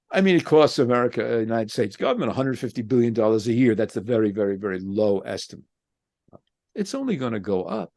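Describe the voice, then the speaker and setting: Man, professor and author, interview guest, impassioned, rhetorical questions, lively pitch, gravelly. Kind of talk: interview answer, reflective monologue.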